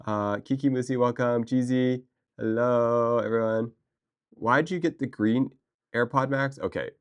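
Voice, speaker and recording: A man livestreaming, chatting casually and excitably with viewers, rambling with restarts and answering chat. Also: medium pitch, measured pace, clear, resonant tone.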